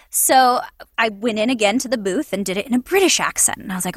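A woman's voice: a little high, fast talker, no room sound. A young woman, a voice actress, chatting in an interview, telling stories animatedly with frequent laughter and acted-out voices. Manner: animated storyteller, laughs often, acts out quoted voices. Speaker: voice actress guest. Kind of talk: casual interview chat.

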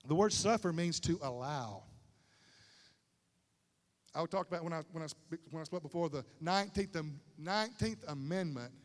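A man preaching a sermon in a lively, conversational way with slang asides, in a large stadium. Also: fairly high pitch. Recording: long hall reverb.

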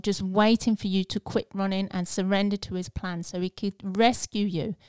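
A woman hosting a devotional podcast, speaking earnestly and encouragingly and dropping to a hush at tender moments. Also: medium pitch, clear, resonant tone, no room sound, studio quality. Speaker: podcast host.

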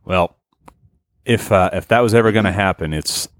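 A man's voice: sits low, normal speed, no room sound, clean studio sound. A man co-hosting a casual podcast chat, rambling and swearing as he tells a story with many restarts. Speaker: podcast co-host.

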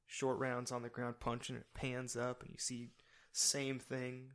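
Gravelly man in rambling chat. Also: medium pitch, monotone, unhurried, a bit bright. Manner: hesitant, restarts, rising questions. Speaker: podcast co-host. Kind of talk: casual chat.

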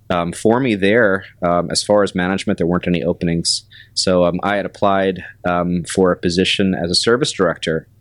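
Deep-voiced man telling a slow story. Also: no echo. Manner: measured, many ums and pauses. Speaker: restaurant general manager, guest. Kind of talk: casual interview storytelling.

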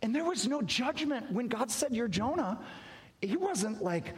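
A man preaching with a lively, high voice that swings up and down as he acts out the people in his story. The long reverb of a large hall trails each line. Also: unhurried, pauses often. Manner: animated, wide swings in pitch and loudness, acts out dialogue. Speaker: pastor. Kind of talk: storytelling sermon.

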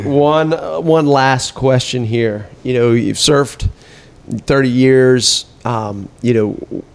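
Gravelly-voiced male surf host. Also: mid-range voice. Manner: relaxed storytelling with laughs and restarts. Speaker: podcast host. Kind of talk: casual chat.

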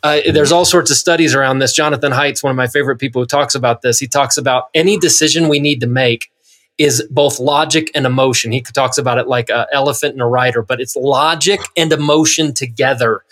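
A man's voice: mid-range voice, fairly even intonation, brisk, fairly bright tone. A man co-hosting a podcast, explaining his point earnestly in casual conversation. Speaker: podcast co-host. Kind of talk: casual chat.

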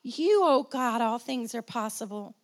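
Woman pastor, high voice, sermon delivery with call-and-response, slight cough. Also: expressive, measured pace. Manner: preaching with call-and-response, repeating phrases for emphasis.

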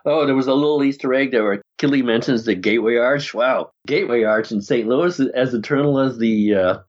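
A man's voice: mid-range voice, a little fast. An older man co-hosting a podcast, chatting casually and chuckling as he jumps from topic to topic. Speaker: podcast co-host. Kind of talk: casual chat. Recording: dull lo-fi sound.

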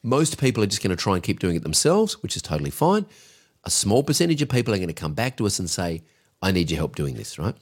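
A man's voice: sits low, big pitch swings, fast talker, breathy edge. A man co-hosting a business podcast, coaching in an emphatic, directive way. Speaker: podcast co-host, agency coach.

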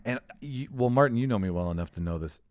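A man's voice: mid-range voice, animated, fast, darkish tone, no echo, clean studio sound. A man hosting a movie podcast, joking sarcastically and swearing in casual chat. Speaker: podcast host.

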